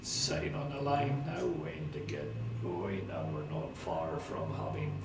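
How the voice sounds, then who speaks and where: A man with a Scottish accent giving chatty, excitable live commentary on a motorsport sprint event. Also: low voice, unhurried, over music. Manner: chatty, excitable, talks to a companion. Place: at a sprint track. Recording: roomy, distant mic with loud car noise. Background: car engines and outdoor ambience.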